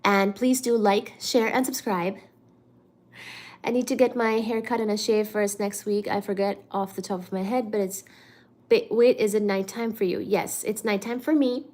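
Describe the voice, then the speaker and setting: A woman's voice: mid-range voice, fairly even intonation, moderate pace, a little mellow. A woman hosting a casual livestream, chatting with viewers and reading out their comments, a little stuffed up. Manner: chatty, reads out chat comments, playful singsong. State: a bit stuffed up. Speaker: livestream host.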